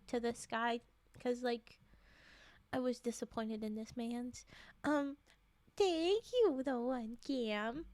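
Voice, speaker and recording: A woman's voice: on the high side, no echo. A woman reading a classic tale aloud on a livestream, breaking off for joking asides, her voice strained and short of breath. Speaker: storyteller streamer.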